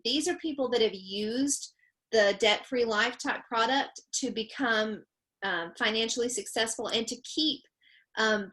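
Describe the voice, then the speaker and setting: A woman's voice: on the high side, fairly bright tone. A woman co-hosting a webinar from home over a video call, upbeat and chatty, with frequent ums and laughs. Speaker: webinar co-host. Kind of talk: casual presentation.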